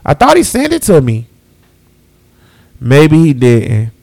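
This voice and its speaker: A man's voice: on the high side, huge pitch swings, takes it slowly, creaky, a little mellow. A man hosting a podcast, chatting loosely through football season picks and addressing listeners as y'all. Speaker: podcast host. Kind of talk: casual sports picks chat.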